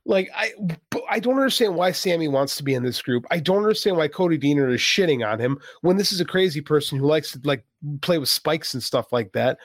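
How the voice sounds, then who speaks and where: A man's voice: fairly high pitch, lively intonation, fairly quick, no echo, studio quality. A man co-hosting a wrestling podcast, ranting in an exasperated, profane, casual way. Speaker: podcast co-host.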